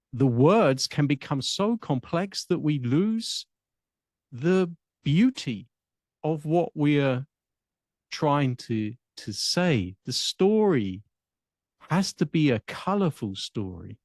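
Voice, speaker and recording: A man with an English accent, a speech and public speaking coach, giving a reflective teaching monologue in a measured, deliberate way with long pauses. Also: a little high, darkish tone, no echo, studio quality.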